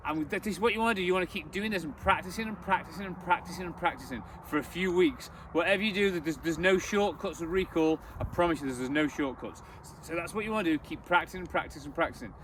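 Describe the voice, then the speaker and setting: High-voiced man training a dog outdoors. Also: fairly bright tone. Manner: emphatic, repetitive instruction. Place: outdoors, open ground. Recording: distant voice with outdoor noise.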